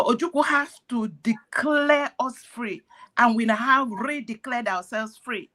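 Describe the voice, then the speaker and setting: A woman's voice: on the high side, bright, forceful tone. A woman giving earnest, preachy commentary in parables, sounding pained. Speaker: activist speaking on a call. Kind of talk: impassioned commentary.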